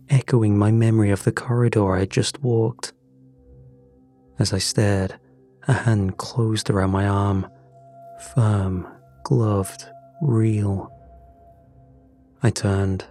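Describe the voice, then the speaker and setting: Slow, low-voiced male storyteller. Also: mellow. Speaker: narrator. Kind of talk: first-person scripted story narration. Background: faint music.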